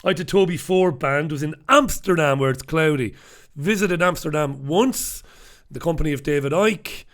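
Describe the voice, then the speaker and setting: A man's voice: fairly high pitch, moderate pace. A middle-aged man hosting a casual live stream from a home studio, chatty and self-mocking. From Ireland. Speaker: host.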